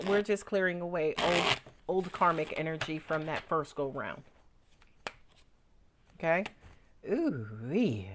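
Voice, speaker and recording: A woman giving a casual tarot reading, talking loosely and swearing freely, often tagging her lines with "right?" and acting out little storylines. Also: lowish voice. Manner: acts out little storylines in put-on voices. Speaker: tarot reader.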